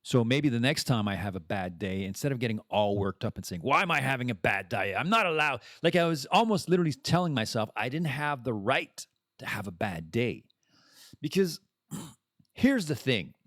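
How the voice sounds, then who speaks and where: This podcast host talks in a loose, meandering monologue, restarting often and swearing now and then. His medium-pitched, fairly bright voice moves at a moderate pace with big pitch swings, captured in a dry, studio-quality recording.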